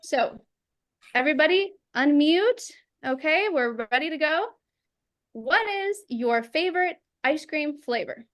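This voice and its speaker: A woman teaching public speaking over a video call, lively and acting out examples in quoted voices. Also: high voice, a little slow. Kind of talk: instructional talk.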